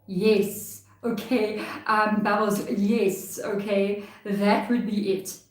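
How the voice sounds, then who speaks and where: A woman's voice: medium pitch, flat delivery, slow pace, a little mellow. South African woman in an echoey room. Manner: chatty, reassuring, laughs often. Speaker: tarot reader. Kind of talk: live tarot reading. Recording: echoey room, mic far off.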